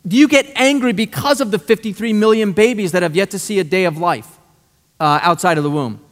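A male pastor preaching a sermon, animated and conversational, full of rhetorical questions. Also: high voice, brisk. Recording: long hall reverb.

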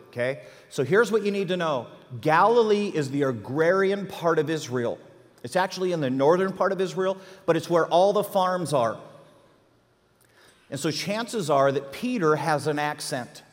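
A man teaching an interactive Bible class, animated and quizzing his listeners with questions. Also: on the high side, big-room sound.

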